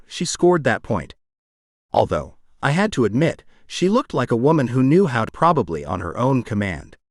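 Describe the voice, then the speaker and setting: A man reads a first-person romance audiobook with a wry, self-aware storyteller's touch. His pitch moves through a very wide, animated range at a middling level. The sound is dry and close, with no room around it. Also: no echo. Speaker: audiobook narrator.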